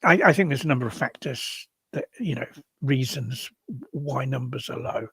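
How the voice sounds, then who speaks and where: Halting older man, husky voice. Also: medium pitch, a bit bright, dry recording. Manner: halting, many restarts and repeated words. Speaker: podcast co-host. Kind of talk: casual discussion.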